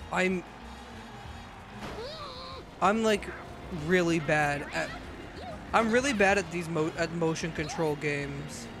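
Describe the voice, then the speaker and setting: A man gives casual gameplay commentary over clear game music. His voice leaps around in pitch, and he talks at an unhurried pace. He keeps breaking into laughter and shouting at what happens on screen. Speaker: gaming video creator.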